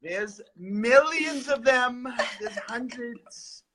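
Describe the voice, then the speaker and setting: A man co-hosting a live spiritual advice stream, chatting in an animated, sarcastic, rambling way. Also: very high-pitched, extremely slow. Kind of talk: casual live-stream chat.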